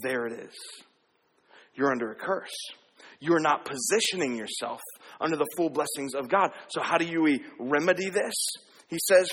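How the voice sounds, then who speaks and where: A man with a high, bright voice preaches a sermon to his congregation. He is lively and cracks jokes as he goes. His voice rings out in a church hall with a long echo. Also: fairly quick, breathy edge. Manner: energetic, joking asides to the congregation. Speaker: pastor. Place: church auditorium. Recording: echoey hall.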